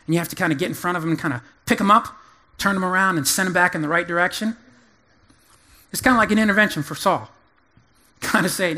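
High-voiced man preaching a folksy sermon. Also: fast talker. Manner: animated, emphatic, folksy humor. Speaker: pastor.

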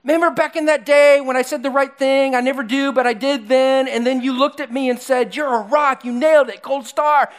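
A preacher doing a boastful eager disciple. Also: male voice, steady tone, brisk, few pauses, clear, resonant tone. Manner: higher, louder, pleading and boastful.

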